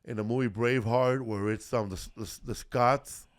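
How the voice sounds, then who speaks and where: A man hosting a casual history podcast, talking at an ordinary middle pitch. He rambles through the story, full of ums, restarts and swearing, in loose comedic chat. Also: steady tone, normal speed. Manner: rambling, profane, many fillers and restarts. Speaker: podcast host.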